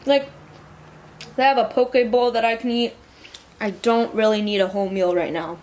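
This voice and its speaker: A woman's voice: fairly high pitch, darkish tone, a little hiss or hum. A young woman chatting casually to her viewers in a rambling vlog. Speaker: vlogger.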